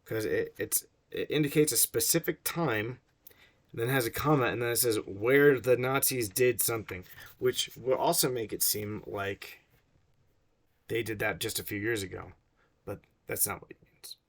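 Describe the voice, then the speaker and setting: A man's voice: fairly low pitch, moderate pace. A man reading a book aloud and breaking off into wry, digressive asides, laughing at his own jokes.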